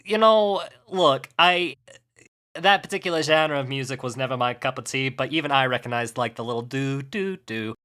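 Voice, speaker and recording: A man's voice: mid-range voice, moderate pace, bright, forceful tone, clear, resonant tone. A man co-hosting a podcast in casual comedic chat, joking and improvising sing-song ditties. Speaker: podcast co-host.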